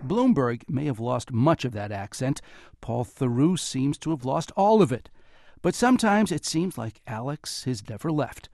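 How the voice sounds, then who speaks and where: A man's voice: medium pitch, sing-song, normal speed, darkish tone, no room sound, studio quality. A man hosting a radio talk show, narrating scripted segments and questioning guests. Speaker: radio host.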